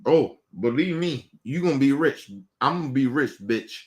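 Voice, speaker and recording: A man's voice: mid-range voice, expressive, normal speed. A man from Baltimore hosting an online show, ranting bluntly and emphatically with heavy cursing, repeating himself and urging his viewers directly. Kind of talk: profane commentary rant.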